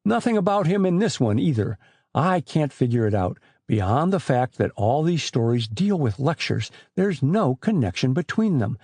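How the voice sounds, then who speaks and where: A man voicing a sober, level-headed older teenage brother who speaks earnestly and reasons calmly, in an audiobook. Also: medium pitch, moderate pace, husky, dry recording.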